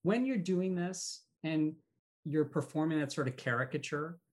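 A man hosting a podcast interview, asking halting, curious questions with many restarts. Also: on the high side. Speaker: podcast host.

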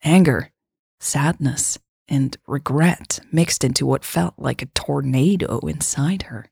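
Low, husky woman reading a story. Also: measured pace, a little mellow, dry recording, clean studio sound. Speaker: narrator. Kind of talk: scripted story narration.

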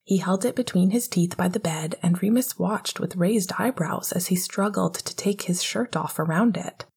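A woman narrating an audiobook in a soft, half-whispered voice. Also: on the low side, moderate pace, vocal fry, breathy edge.

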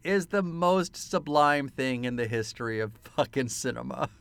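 Laid-back podcast guy, smooth dry voice. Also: medium pitch, normal speed, no room sound. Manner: animated, profane, laughs often while telling anecdotes. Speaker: podcast co-host. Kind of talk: casual film-review chat.

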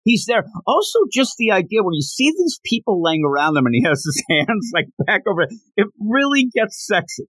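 Husky, lively podcast co-host. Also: mid-range voice, a little fast, hardly any pauses, dry recording. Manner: animated, jokey retelling of comic panels with quoted lines. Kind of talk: casual chat about comics.

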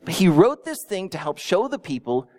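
A pastor preaching a sermon, telling it with animated storytelling and acting out imagined listeners, with small stammers. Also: mid-range voice, moderate pace. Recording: long reverb in a large hall.

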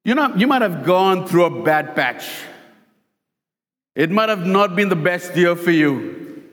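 A male pastor delivering a sermon, telling stories with lively repetition. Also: high voice, a little slow, long pauses, big-room sound. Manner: animated storytelling with repeated lines.

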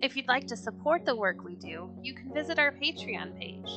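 A woman hosting a podcast, reading children's stories aloud in a clear storytelling manner. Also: sits high, big pitch swings, moderate pace, over music, rough recording.

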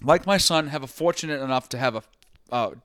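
A man's voice: medium pitch, brisk, a bit bright, clear, resonant tone, no room sound. Profane rambling podcast co-host man. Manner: profane, rambling storytelling with quoted voices. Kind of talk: casual chat.

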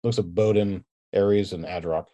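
A man's voice: sits low, steady tone, normal speed, mellow. A man narrating as game master of a tabletop game, in loose, rambling narration full of restarts.

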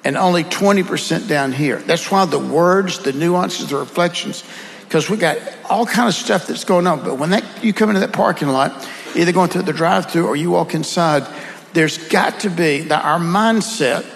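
Southern man, slightly high, gravelly, relaxed folksy speaker, reverberant room. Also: normal speed. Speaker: guest speaker. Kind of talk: conversational storytelling.

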